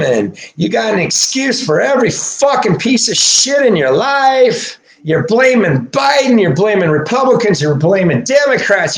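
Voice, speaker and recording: Rambling, profane man with a lively voice. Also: sits high, creaky. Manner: swings from muttering to shouting; laughs between phrases.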